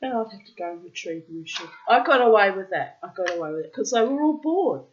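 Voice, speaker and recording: A woman's voice: medium pitch, expressive, quick pace, a little hiss or hum. Profane, rambling woman, lo-fi. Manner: profane, rambling, theatrical asides. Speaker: reader and host. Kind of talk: casual rambling monologue. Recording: dull lo-fi recording.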